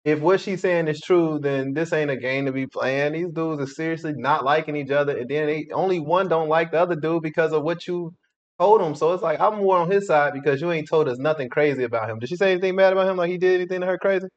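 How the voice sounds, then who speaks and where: Fast-talking, opinionated male reaction host. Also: a little high, highs cut off. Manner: opinionated, preachy, quick-talking. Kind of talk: casual commentary.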